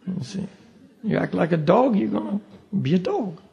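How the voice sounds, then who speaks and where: A man with a fairly high, gravelly voice gives a spiritual class lecture. He talks in a loose, conversational way, keeps adding "you see" and plays out short back-and-forth dialogues as he teaches. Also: animated, moderate pace, mellow, muffled recording. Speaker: meditation teacher. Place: meditation class room.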